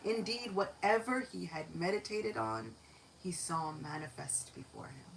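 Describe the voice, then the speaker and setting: A woman giving a devotional lecture, telling a sacred story in an expressive, animated way. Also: on the low side, a little slow, vocal fry, slight background noise, rough recording.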